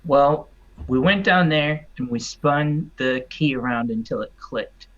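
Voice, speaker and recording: Chatty guy playing a tabletop game, thinks out loud, muffled lo-fi sound. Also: medium pitch, a little slow. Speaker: player.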